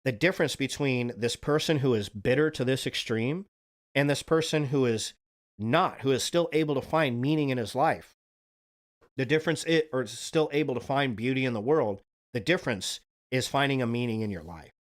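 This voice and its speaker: A man's voice: mid-range voice, normal speed. A man hosting a livestream, talking in a casual, earnest, rambling monologue and swearing now and then. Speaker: livestream host.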